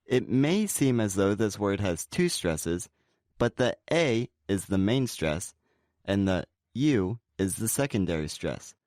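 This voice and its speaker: A man co-presenting a scripted pronunciation lesson, explaining in a relaxed way and saying example words slowly and clearly. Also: lowish voice, no echo, clean studio sound. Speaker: pronunciation teacher.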